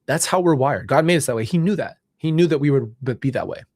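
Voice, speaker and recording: A man's voice: a little high, expressive, fast talker, darkish tone, no echo, studio quality. A young man talking earnestly and rambling about faith, seated indoors as a podcast host, often correcting himself mid-thought. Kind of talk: reflective faith talk.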